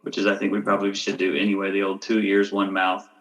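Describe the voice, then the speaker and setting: A man's voice: low-pitched, monotone, fast, muffled recording. A man hosting a podcast interview, summing up and asking questions with frequent hesitations. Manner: hesitant, many fillers and restarts. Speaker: podcast host, chiropractor.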